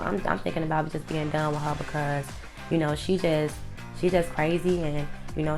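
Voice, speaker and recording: A woman voicing a tired man who grumbles about his partner in a low, quiet mumble.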